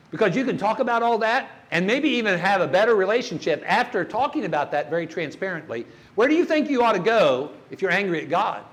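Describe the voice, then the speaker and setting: An older man preaches a sermon in a church, with a voice a bit higher than most men's. He tells stories in turn and puts questions to the congregation. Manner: storytelling, asks the congregation questions.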